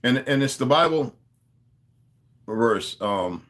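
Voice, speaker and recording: A man's voice: medium pitch, animated, takes it slowly, a bit bright. A man talking to his viewers in a rambling, casual monologue, drifting between asides and restarting his sentences. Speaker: vlogger.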